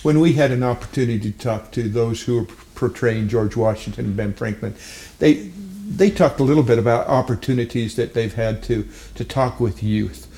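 Gravelly-voiced male interviewer in an echoey room. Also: mid-range voice, moderate pace, few pauses, warm tone. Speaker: host. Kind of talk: interviewing a guest.

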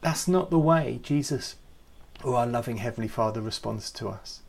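A man hosting a youth ministry podcast, giving an earnest, reflective devotional talk with some gentle humour. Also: mid-range voice, normal speed, vocal fry.

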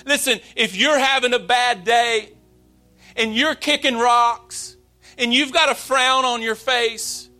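Pastor in his late 30s, sermon, very high voice, slow, heartfelt delivery. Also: pushed and bright, faint music behind. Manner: earnest, confessional, slow and emphatic.

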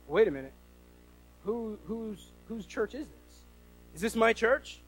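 A man's voice: high-pitched, moderate pace, faint music behind, rough recording. A man preaching a sermon as pastor, talking conversationally with rhetorical questions and frequent restarts.

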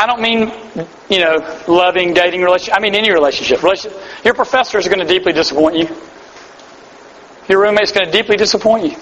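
A high-voiced man preaching a sermon, earnest and emphatic and quick to poke fun at himself. The live recording sounds dull and carries a long hall echo. A faint hiss sits underneath. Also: fairly bright tone. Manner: earnest, emphatic, self-deprecating humor. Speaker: pastor. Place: large hall before a live audience.

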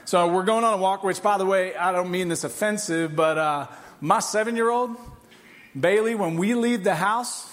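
High-voiced pastor guy in his 40s, chatty and animated, telling a funny family story from the pulpit. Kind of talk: sermon. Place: church hall.

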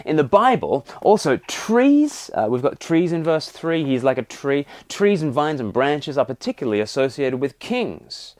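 A man's voice: fairly high pitch, very animated, normal speed, hardly any pauses. A married man preaching a sermon, explaining scripture and reading passages aloud with emphasis. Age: adult, married.

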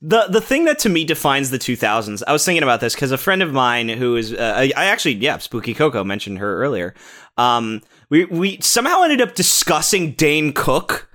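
Bright, lively man in casual chat. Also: medium pitch. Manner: quick, opinionated storytelling with some swearing.

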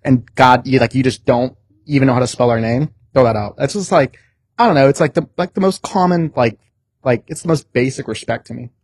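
A young American man telling stories in a casual podcast chat, animated and swearing freely. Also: mid-range voice, brisk. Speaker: podcast guest.

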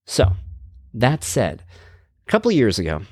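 A man's voice: mid-range voice, wildly swooping pitch, moderate pace, a little mellow, no echo. A man in his thirties hosting a podcast, telling a casual, self-mocking story and acting out the voices he quotes. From Long Island, New York. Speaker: podcast host.

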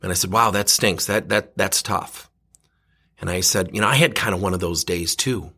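A man giving a motivational talk about resilience, telling a personal story in an animated, emphatic way. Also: normal speed, husky. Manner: animated storyteller, swings from loud emphatic highs to low quiet asides. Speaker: speaker and workshop coach.

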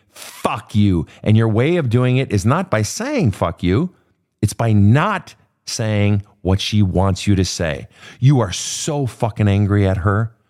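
A man's voice: fairly low pitch, darkish tone. A man coaching a guest through her family history, blunt and profane, pressing her with repeated pointed questions. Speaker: host. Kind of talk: confrontational coaching session.

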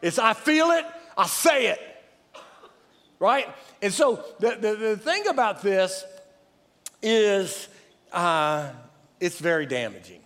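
A man preaching a sermon, passionate and loud, joking at his own expense as he improvises. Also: high-pitched, lively intonation, slow, long pauses, in a large hall. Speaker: pastor.

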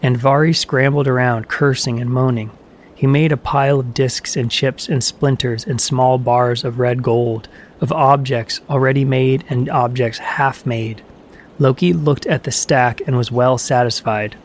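Man narrating a myth in a measured voice. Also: medium pitch, fairly even intonation, slight background noise. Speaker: storyteller.

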